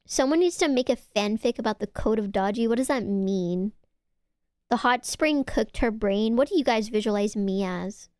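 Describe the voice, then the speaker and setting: Young woman streamer, high-ish voice, dry close mic, reading chat and teasing, swears a lot, gets excitable. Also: normal speed, no echo.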